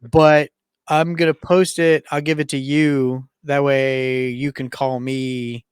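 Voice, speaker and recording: A man's voice: mid-range voice, flat delivery, slow pace, clear, resonant tone, dry recording, clean studio sound. A man co-hosting a casual podcast, laid-back and rambling, often repeating words as he starts a sentence. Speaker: podcast co-host.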